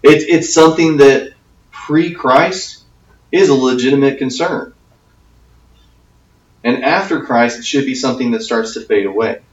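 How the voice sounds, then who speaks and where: A man's voice: medium pitch, dull audio. Youth pastor guy chatting to kids, says okay a lot, sounds far off in an echoey room. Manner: conversational, checks in with "okay?" often. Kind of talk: youth ministry talk.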